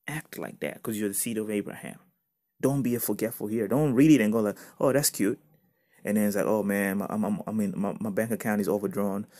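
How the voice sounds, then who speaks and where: A man's voice: mid-range voice, darkish tone, breathy edge. A man giving an earnest, casual devotional teaching, reading scripture aloud with sudden bursts of emphasis. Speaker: preacher.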